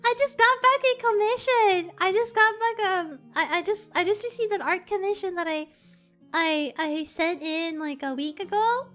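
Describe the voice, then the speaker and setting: A woman streamer chatting casually on a livestream, gushing and squealing with excitement. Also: very high-pitched, moderate pace, faint music behind.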